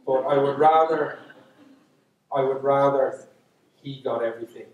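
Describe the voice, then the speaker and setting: A man's voice: medium pitch, fairly even intonation, unhurried, dull audio, close to an everyday voice. An Irish man voicing a stern, well-off farmer father who scolds his son. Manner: scolding, laying down the law. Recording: echoey hall, speaker far from mic.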